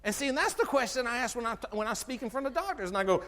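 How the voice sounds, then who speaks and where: A middle-aged man giving an animated health talk to an audience, asking them questions and acting out conversations. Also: very high voice, very fast, hardly any pauses. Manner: animated, asks the audience questions, acts out dialogue. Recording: long hall reverb from a live talk.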